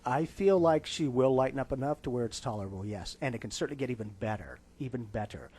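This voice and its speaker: A man with a medium-pitched voice, sitting in as a psychic guest on a radio talk show. He talks with easy confidence and slips into other people's voices when he quotes them. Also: lively intonation, fast talker, darkish tone, slightly rough.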